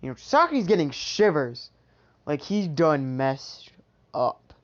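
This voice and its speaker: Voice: medium pitch, big pitch swings, takes it slowly. A storyteller improvising a fan-made what-if story, rambling with many filler asides. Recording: dull lo-fi recording.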